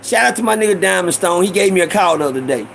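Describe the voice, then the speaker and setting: A man hosts a loose storytelling stream, full of slang and shout-outs. His voice sits high for a man and rasps with a gravelly fry. He keeps circling back with repeated asides to his viewers. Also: lively intonation, fast talker, a little hiss or hum, low-quality recording. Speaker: host.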